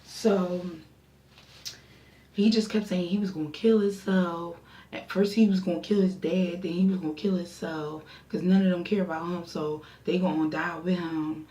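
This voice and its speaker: A young woman vlogger telling a casual story, animated and acting out her friends' voices. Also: fairly low pitch, normal speed. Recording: roomy echo, distant mic.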